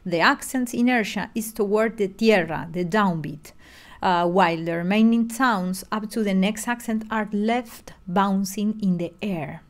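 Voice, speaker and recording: A woman's voice: medium pitch, a little slow. Middle-aged woman; online lesson delivery, patient, explanatory, many restarts. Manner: explanatory, with frequent fillers and restarts. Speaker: music lecturer.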